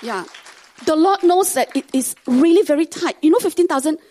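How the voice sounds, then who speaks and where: A woman's voice: high voice, animated, normal speed, warm tone. A woman from Singapore with a Singaporean English accent, a pastor's wife telling her testimony to a congregation and acting out the people she quotes.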